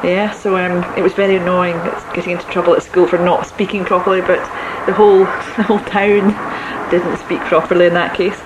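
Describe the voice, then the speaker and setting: A woman's voice: lowish voice, level tone, brisk, few pauses, lo-fi sound. Chatty Ayrshire-accented woman in her thirties. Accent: west of Scotland, Ayrshire. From Scotland. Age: 30s. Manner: chatty, hesitant with frequent ums, laughs easily. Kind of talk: casual monologue about dialect. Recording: noticeable background noise.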